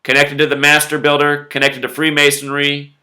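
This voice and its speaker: A man talks on his own to his viewers in a bright, forward voice that sits a little high. He muses aloud, drifts into asides, and keeps coming back to the same numbers to stress them. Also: monotone, fairly quick. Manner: conversational, musing asides, repeats numbers for emphasis. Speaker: video host. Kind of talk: solo conspiracy commentary video.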